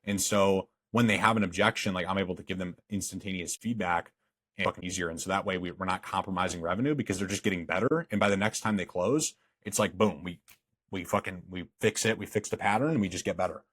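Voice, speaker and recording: A man's voice: low-pitched, quick pace, fairly bright tone, no echo, clean studio sound. A young man teaching a fitness coaching sales course, blunt and emphatic with frequent swearing. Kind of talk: course lecture.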